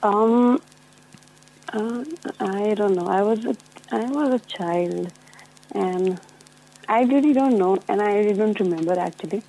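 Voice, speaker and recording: A woman calling into a radio show just after waking up, speaking in a drowsy, halting, soft way. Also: mid-range voice, creaky, rough recording. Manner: drowsy, halting and soft-spoken, laughing shyly. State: just woken up. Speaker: caller.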